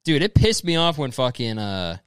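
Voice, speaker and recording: Profane, animated young man riffing casually. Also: mid-range voice, normal speed, clear, resonant tone, no echo. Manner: profane, rambling, says "dude" constantly; mocking, slips into exaggerated quoted voices. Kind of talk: casual comedic commentary reading messages aloud.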